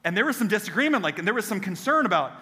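Bright-voiced pastor preaching in a hall. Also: male voice, high-pitched, racing. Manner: animated, acts out quoted voices with self-deprecating humor. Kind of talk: sermon with personal storytelling. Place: church sanctuary.

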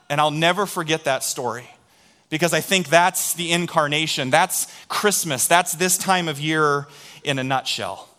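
A middle-aged male pastor preaching with a bright, forward voice that sits a bit high. He tells stories animatedly and draws the congregation in to respond. He sounds lively and engaging. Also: normal speed. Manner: storytelling, animated, drawing in the congregation. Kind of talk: sermon.

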